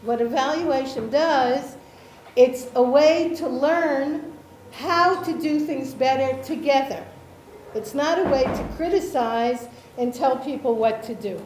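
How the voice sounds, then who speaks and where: A woman from Israel leads a workshop in a reverberant lecture room, faint ambience behind her. Her voice sits a little high but mellow in tone. She talks slowly, hesitating with ums, and keeps checking that the room follows. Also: slight background noise. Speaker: workshop presenter, association chair. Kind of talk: slow explanatory workshop talk.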